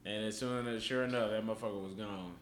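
A man's voice: on the low side, fast. A young man hosting a casual podcast, telling stories animatedly and swearing a lot. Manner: animated storytelling, heavy profanity. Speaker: podcast host. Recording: echoey room with faint background noise.

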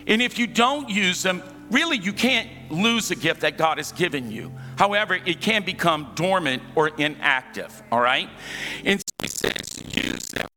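A man's voice: high voice, animated, normal speed, few pauses, pushed and bright. A man preaching a sermon in church, calling for responses from the congregation and telling humorous stories. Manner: calls for congregation responses, storytelling, humorous asides. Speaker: pastor. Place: church sanctuary. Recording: hall reverb with faint music.

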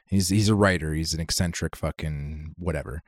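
A man's voice: very deep voice, moderate pace, dry recording, clean studio sound. A man co-hosting a podcast, chatting casually and swearing freely as he rambles through stories. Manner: profane, rambling storyteller. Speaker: podcast co-host. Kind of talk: casual chat.

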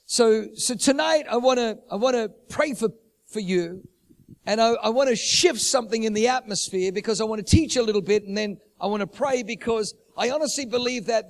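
High-voiced male preacher. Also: lively intonation, normal speed, creaky. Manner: repeats phrases for emphasis, builds urgency. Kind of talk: sermon.

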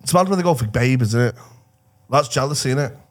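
A man's voice: medium pitch, expressive, fast, background noise. A man co-hosting a podcast, rambling through jokey musings in casual chat. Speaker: podcast co-host.

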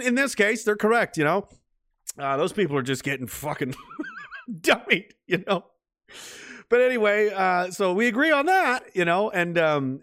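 A middle-aged man with a somewhat high voice talks into a close microphone in a dry, dead-sounding room. He hosts a casual livestream and rambles loosely, swears freely and often breaks into laughter. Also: a bit bright, no room sound. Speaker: livestream host reading chat.

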